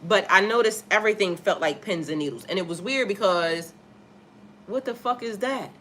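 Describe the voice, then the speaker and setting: A woman's voice: mid-range voice, moderate pace, pushed and bright, a little hiss or hum. A woman, a spiritual life coach, telling a personal story on a casual livestream in a candid, profane way and greeting viewers in the chat.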